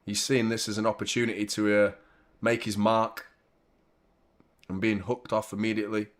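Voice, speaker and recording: A young man hosting a live football watchalong, chatting casually with viewers and shouting out at big moments. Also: on the low side, moderate pace. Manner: laid-back chat that jumps to loud excited reactions. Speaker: watchalong host.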